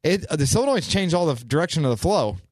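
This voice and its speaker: A middle-aged man co-hosting a radio show, with a slightly high voice. He talks with excited enthusiasm, rambling and restarting his sentences. The sound is dry and close. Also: fast talker, dry recording. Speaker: radio co-host. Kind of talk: casual talk radio banter.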